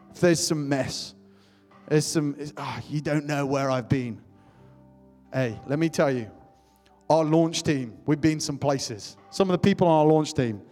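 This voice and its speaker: A man's voice: a little high, darkish tone. A young adult man preaching a sermon to his church, passionate and repetitive, calling out to the congregation. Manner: impassioned, repetitive calls to the congregation. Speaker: pastor. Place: church hall. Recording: long hall reverb with faint music.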